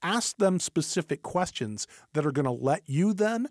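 A man's voice: a little high, moderate pace, no echo, studio quality. A man co-hosting a workplace advice podcast, talking in a casual, coaching way. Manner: animated, coaching, lively emphasis.

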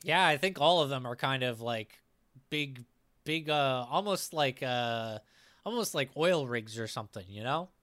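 A man's voice: medium pitch, animated, unhurried, sharp tone. A man acting as game master, casually recapping a tabletop game session and reading out the players' lines, with fillers and restarts.

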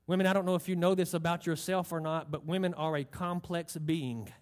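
A man's voice: a little high, fairly even intonation, a little fast. A man preaching a sermon, emphatic, drawing out key phrases and asking the congregation questions. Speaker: pastor.

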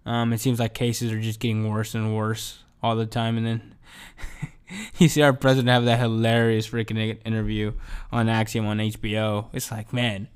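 A man hosting his own podcast in a rambling, profane solo rant, dropping to low mumbles and then rising to excited outbursts. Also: moderate pace, clean tone. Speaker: podcast host. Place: home.

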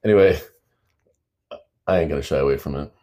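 A man's voice: very deep voice, brisk, mellow. A man co-hosting a casual podcast chat with his wife, talking bluntly, joking and swearing a lot. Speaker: podcast co-host, husband.

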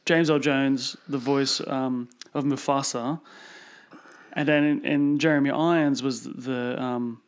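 A man's voice: mid-range voice, steady tone, slow pace. A man co-hosting a podcast, chatting about films with enthusiasm and frequent laughter. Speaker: podcast co-host. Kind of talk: casual film chat.

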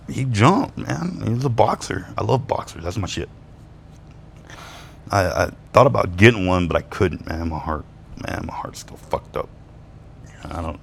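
A man's voice: low voice, gravelly, slightly rough. A man telling a rambling personal story to camera, profane and laughing between lines, swinging between bitter and wistful. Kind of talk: casual personal storytelling monologue.

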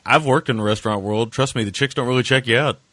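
A man's voice: mid-range voice, fast, a bit bright, dry recording. A man co-hosting a casual movie review podcast, rambling and sarcastic, with lots of filler words. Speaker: podcast co-host.

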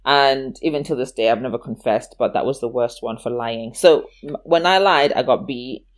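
A woman's voice: extremely low pitch, normal speed. A woman in casual chat telling a childhood story, acting out the voices of the people in it and laughing often.

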